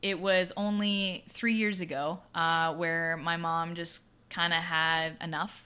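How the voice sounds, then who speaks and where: A woman in her twenties co-hosting a casual podcast chat, chatty and quick to laugh, often restarting her sentences. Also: fairly low pitch, little pitch movement, sharp tone, clean tone. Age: 20s. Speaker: podcast co-host.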